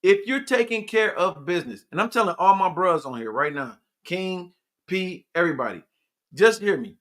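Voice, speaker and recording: Loud animated man preaching on a podcast. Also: high voice, normal speed. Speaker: podcast host. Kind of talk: casual live podcast chat.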